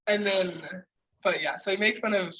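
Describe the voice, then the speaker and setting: A young woman from Oregon, a college basketball player, talking softly and self-deprecatingly in a casual video-call interview. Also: mid-range voice, normal speed, low-quality recording. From Oregon, USA. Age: young adult. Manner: soft-spoken, self-deprecating.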